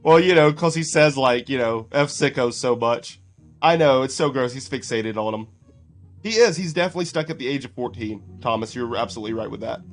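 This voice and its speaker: A man's voice: mid-range voice, lively intonation, brisk, soft background music. Mocking man reacting on a stream. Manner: mocking, chatty, greets chat. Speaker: commentary streamer. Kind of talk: casual reaction commentary.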